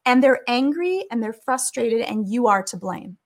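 A woman giving calm, earnest advice in a conversation, acting out the things people say to each other. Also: a little high, normal speed. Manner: calm, earnest, acts out quoted speech.

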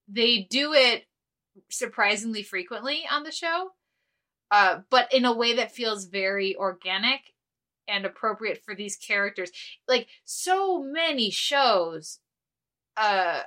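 A woman's voice: mid-range voice, bright, forceful tone. A woman co-hosting a podcast in casual chat, rambling and earnest with lots of fillers and restarts. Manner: earnest, easily moved. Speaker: podcast co-host.

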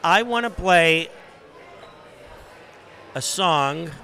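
Brief: male guest, slightly high voice, earnest, halting, lots of "uh". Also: expressive, pushed and bright. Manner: hesitant, earnest, filler-heavy. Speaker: drummer guest. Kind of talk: casual chat.

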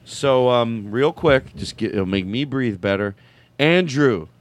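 A man hosting a comedy podcast, talking in an excitable, rambling way with many restarts. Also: medium pitch, a little slow. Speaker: podcast host. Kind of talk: casual comedy podcast chat.

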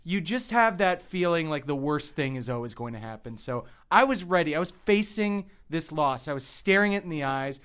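Man, podcast co-host, wry joking banter, smooth clear voice, a bit high-pitched. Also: animated, moderate pace, hardly any pauses, a bit bright. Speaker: co-host, Kansas City Chiefs fan. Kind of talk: casual sports podcast chat.

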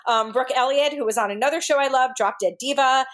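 Cheerful woman with a higher voice. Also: fast, a bit bright. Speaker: podcast co-host. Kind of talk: casual interview chat.

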